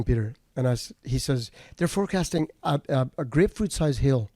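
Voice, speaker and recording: A male trucker telling a road story in casual chat, steady and matter-of-fact. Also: medium pitch, a little fast, no room sound, clean studio sound. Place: studio table.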